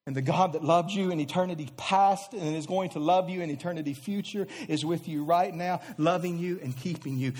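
A man with a notably high-pitched voice delivers a sermon from the pulpit. He swings between quiet, intimate lines and loud, rising runs of repeated questions. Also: a little fast, few pauses, breathy edge. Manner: impassioned preaching, swinging from soft and low to loud and high; repeats phrases in building rhetorical runs. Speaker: pastor.

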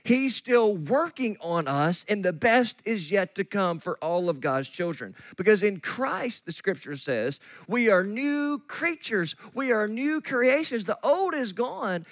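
Lively pastor preaching slowly. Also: male voice, very high voice, dry recording. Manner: animated, acts out quoted voices of God and Gideon. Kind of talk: sermon. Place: church sanctuary.

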